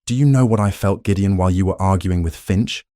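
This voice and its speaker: A man voicing a young woman who speaks flatly and bitterly, her voice trembling. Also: sits low, brisk, no room sound, studio quality, natural voice. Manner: flat, trembling, accusing.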